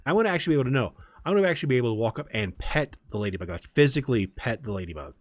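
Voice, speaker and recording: A man's voice: mid-range voice, very animated, rapid-fire, no room sound. A man streaming a game from home, chatting in a rambling, storytelling way. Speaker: gaming streamer. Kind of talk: casual chat while gaming.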